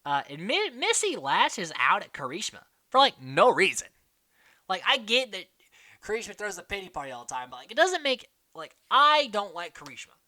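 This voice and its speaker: A podcast host in casual chat, rambling and excitable, packing the talk with fillers. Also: mid-range voice, moderate pace. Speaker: podcast host recapping a reality show.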